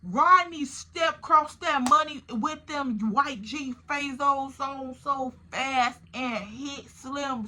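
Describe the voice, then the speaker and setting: Woman storyteller, unhurried, high voice, animated, profane. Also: a little hiss or hum. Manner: animated, profane, talks straight to viewers. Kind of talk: casual storytime.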